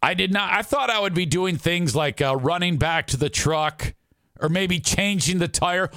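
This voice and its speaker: A man's voice: sits high, moderate pace, no echo, studio quality. A man hosting a radio show, telling a casual story and acting out the people he quotes, with some swearing. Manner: animated, acts out quoted people with shifting voices.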